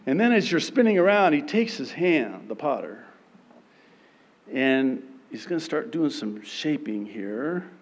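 A man preaching a sermon, theatrical and playful, acting out little scenes with sudden loud bursts and laughter. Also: mid-range voice, very animated, unhurried.

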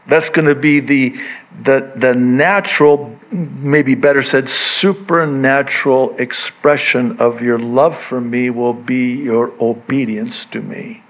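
A man preaching a sermon in an animated way, acting out the voices he quotes. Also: medium pitch, measured pace. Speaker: pastor.

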